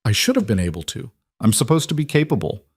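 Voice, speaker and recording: A man's voice: mid-range voice, very animated, quick pace, breathy edge, no room sound, studio quality, pitched above the performer's own voice. A man voicing an anxious, overwhelmed woman executive who talks in a shaky, apologetic, self-critical way.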